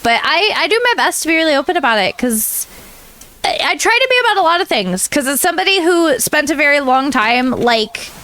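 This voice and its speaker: A woman's voice: sits high, big pitch swings, a little fast, pushed and bright. A bubbly, chatty woman streamer who giggles as she talks to her chat while reacting to videos.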